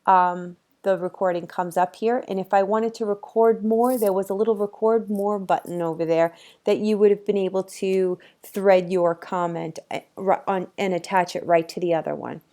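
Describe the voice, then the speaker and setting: A woman's voice: mid-range voice, fairly even intonation, moderate pace, hardly any pauses, dark tone. A woman instructor giving a casual, chatty screen-recorded tutorial for her course, talking easygoing with frequent ums, on a computer microphone.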